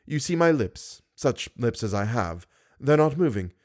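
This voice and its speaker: A man's voice: mid-range voice, sing-song, measured pace, a little mellow. Guy doing creepy masked phantom, mocking and brooding, audiobook vibe. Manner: wheedling, mocking, sudden bursts of glee. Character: menacing masked male phantom, theatrical and brooding.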